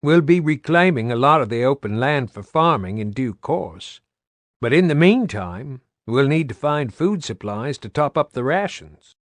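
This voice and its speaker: A man narrating an audiobook, voicing a tough, practical older female soldier in a measured, slightly raised tone. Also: mid-range voice, lively intonation, dry recording, voice pushed up, lightly acted. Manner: measured and careful.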